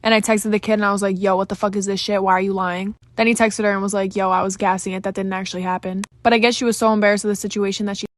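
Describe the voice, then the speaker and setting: A woman telling a casual storytime, relaxed and chatty, acting out what people said. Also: medium pitch, racing, few pauses, no room sound. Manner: relaxed, chatty, acts out quoted lines.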